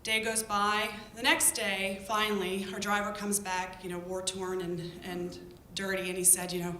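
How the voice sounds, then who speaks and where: A woman telling a lively story about her field work to an audience. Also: normal speed, hardly any pauses. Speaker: public health worker telling a story. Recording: echoey room with faint rumble.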